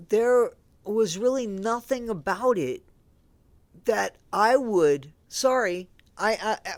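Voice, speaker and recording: Casual commentary vlogger, rambling, restarts often, dry close sound, mid pitch. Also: no echo. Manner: talks straight to viewers, incredulous. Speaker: YouTube commentary host.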